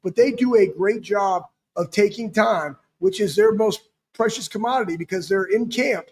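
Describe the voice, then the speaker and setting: A man's voice: sits high, moderate pace, breathy edge. A man co-hosting a sports talk show as a former player, speaking earnestly and repeating points for emphasis. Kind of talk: casual sports chat.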